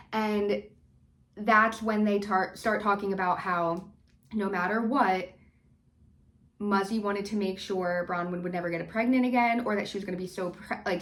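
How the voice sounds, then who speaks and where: Ranting young woman recapping reality TV. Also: mid-range voice. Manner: heated, ranting, many fillers like "like" and "you know". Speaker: recap vlogger.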